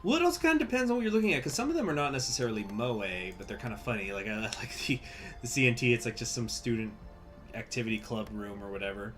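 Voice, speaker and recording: A man's voice: mid-range voice, very animated, fast talker, a bit bright, soft background music. Chatty, rambling male game streamer. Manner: rambling, chatty, many fillers and restarts. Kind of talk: casual gameplay commentary.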